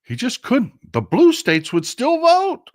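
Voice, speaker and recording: A man hosting a casual political livestream, talking straight to his viewers in a profane, animated way and calling them folks. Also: extremely high pitch, slow, dry recording, studio quality. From Texas. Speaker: political commentary host.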